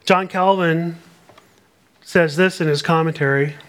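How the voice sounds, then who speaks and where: A man's voice: fairly high pitch, steady tone, measured pace, fairly bright tone. A man preaching a sermon, explaining scripture verse by verse and reading passages aloud in an earnest way. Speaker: pastor.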